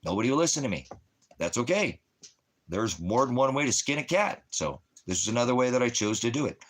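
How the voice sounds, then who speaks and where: A ministry preacher tells stories to his followers in a casual, coarse way, swearing constantly and acting out his own angry outbursts by mimicking shouting at others. His male voice is medium-pitched with big swings and a slightly fast pace, in casual profane storytelling.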